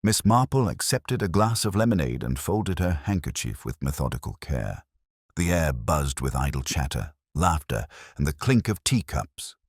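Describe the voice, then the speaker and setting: A man reading a cozy mystery story aloud, his voice extremely deep and resonant in the low end. He tells it with a lively, rolling lilt, and the recording is close and completely dry. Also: breathy edge, no room sound. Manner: measured, expressive storytelling. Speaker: narrator. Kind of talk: scripted storybook narration.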